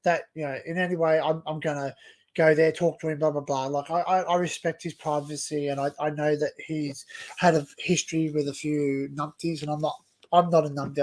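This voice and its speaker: A man's voice: a little high, darkish tone. A young Australian man hosting a casual livestream chat, rambling and restarting his sentences often. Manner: rambling, stop-start with many restarts. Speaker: livestream host.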